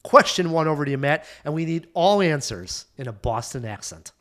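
Animated higher-voiced male podcast host. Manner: animated, quick storytelling. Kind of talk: casual movie review chat.

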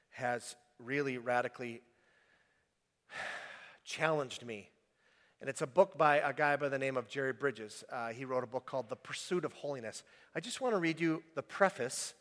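Pastor guy preaching, kinda high voice, lots of hall echo, gets loud and fired up. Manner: animated, builds to shouting then drops to quiet reading. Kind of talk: sermon. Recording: long hall reverb.

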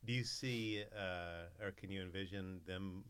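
A man hosting a casual interview, asking friendly questions and reacting with quick encouragement. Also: low voice, a bit bright, clear, resonant tone, no room sound.

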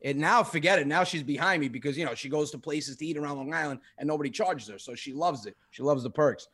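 A man, a comedian telling animated stories in casual talk and laughing along. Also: on the high side, quick pace, husky. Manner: animated, laughs through his story. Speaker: comedian guest. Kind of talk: casual storytelling.

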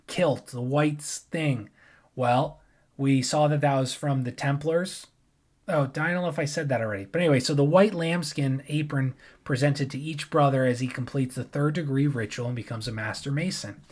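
A man at a middle pitch talks through a history topic in a relaxed, unscripted way. He rambles, backtracks and corrects himself, and keeps the tone loose and conversational. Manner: rambling, loose, with frequent restarts and asides. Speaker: history presenter. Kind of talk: casual explainer talk.

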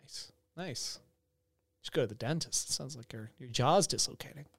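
A young man with a mid-range, gravelly, slightly bright voice hosts a casual podcast at a moderate pace. He rambles through stories, swearing a lot and adopting a mock-official tone.

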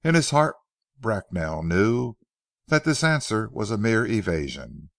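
Gravelly low-voiced male audiobook narrator. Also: sing-song, measured pace, no room sound, studio quality. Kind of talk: audiobook reading of a novel.

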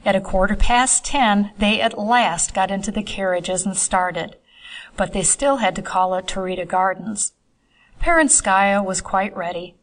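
Measured woman audiobook narrator. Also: medium pitch, poor audio. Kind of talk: scripted narration.

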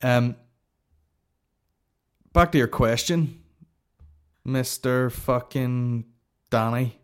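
A man's voice: medium pitch, drawn-out words, clear, resonant tone. A man hosting a comedy podcast, rambling in profane, sarcastic banter. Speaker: podcast host.

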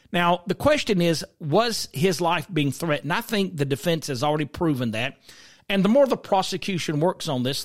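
Opinionated man, higher-pitched. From South Carolina. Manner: conversational, asks listeners questions, storytelling asides. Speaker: podcast host. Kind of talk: opinionated commentary.

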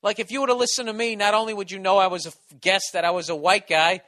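A man's voice: sits high, fairly even intonation, quick pace, pushed and bright. A man with an East Coast American accent hosting a solo comedy podcast, ranting in a profane, sarcastic, rambling way. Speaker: podcast host.

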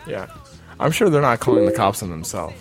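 A man's voice: on the low side, big pitch swings, brisk, music in the background. A man co-hosting a podcast in casual chat, telling rambling stories with lots of swearing. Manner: profane, rambling storyteller. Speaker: podcast co-host.

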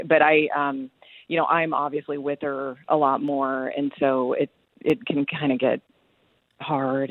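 A woman's voice: a bass voice, gravelly, no echo. A woman calling an advice show, answering hesitantly with lots of fillers and agreement. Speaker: caller. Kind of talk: phone call to advice show. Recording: tinny phone line.

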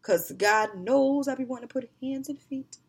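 A woman's voice: sits high, moderate pace, breathy edge. A woman, co-hosting a casual chat and acting out scenes with her kids. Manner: animated storytelling, acting out scolding her kids. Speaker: podcast co-host.

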